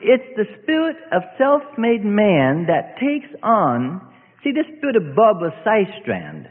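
Male preacher, emphatic sermon, high voice, tinny phone-like sound. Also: wildly swooping pitch, unhurried, big-room sound. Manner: emphatic, repetitive, keeps asking "see?". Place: church assembly hall.

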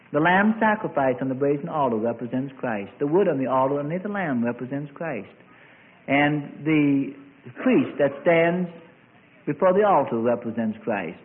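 A man preaching a sermon, stretching quoted words and rising to shouts as he tells the story. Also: fairly high pitch. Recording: tinny phone-like recording.

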